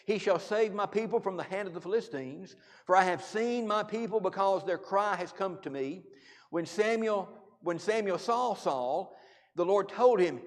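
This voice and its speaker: A man preaching a sermon in a church, earnest and halting, with frequent restarts. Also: high-pitched. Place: church auditorium. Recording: church hall reverb.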